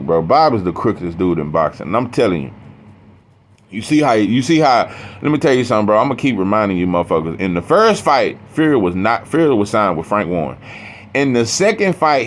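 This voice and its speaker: A man's voice: on the low side, a little hiss or hum. A middle-aged man gives a blunt, preachy, profane monologue about boxing, saying "bro" over and over. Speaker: boxing commentator. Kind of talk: casual monologue.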